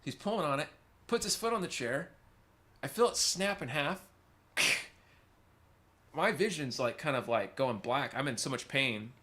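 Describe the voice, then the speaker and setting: A man's voice: mid-range voice, lively intonation, moderate pace, long pauses, a bit bright. A man hosting a livestream, telling rambling stories to chat and getting sidetracked as he answers comments. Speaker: livestream host. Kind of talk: casual storytelling to chat.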